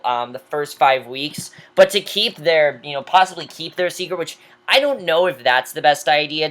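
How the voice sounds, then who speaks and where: A woman's voice: sits low, slight background noise. A woman giving an opinionated, casual recap of a reality show, talking freely with lots of fillers and restarts.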